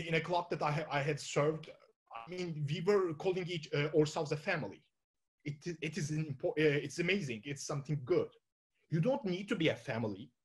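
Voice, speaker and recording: A man with a Turkish accent giving an informal talk to an audience, thinking aloud and often restarting his sentences with fillers. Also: fairly high pitch. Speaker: conference speaker.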